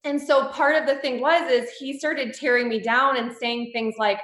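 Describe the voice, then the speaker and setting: A woman's voice: high voice, fairly even intonation, normal speed, fairly bright tone. A woman in her thirties, a guest telling her personal story in an interview, candid and rambling with many restarts. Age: 30s. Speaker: guest, boudoir photographer. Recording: echoey room.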